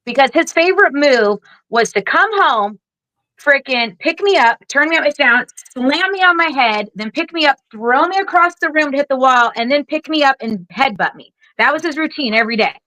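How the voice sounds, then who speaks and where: Fortysomething woman venting hard, cussing nonstop, bright sharp voice, dry close mic. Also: high-pitched, lively intonation, dry recording, low-quality recording. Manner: blunt, heavily profane, rapid-fire venting. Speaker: guest, Air Force veteran. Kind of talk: candid podcast storytelling.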